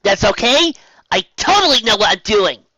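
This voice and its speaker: A woman voicing a brash, excitable young girl pony who talks loudly and eagerly. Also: medium pitch, moderate pace, no echo, pitched above the performer's own voice. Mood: boastful.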